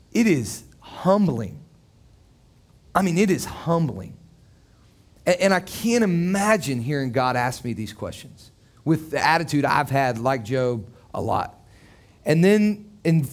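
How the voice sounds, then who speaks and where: A man's voice: a little high, darkish tone. A man preaching a sermon in a conversational, joking way, with many fillers and restarts. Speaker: pastor.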